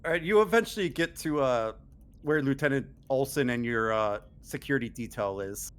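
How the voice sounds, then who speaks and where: A man's voice: mid-range voice, moderate pace. A man narrating as game master of an online tabletop role-playing game, talking casually with fillers and restarts. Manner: relaxed, with many fillers and restarts.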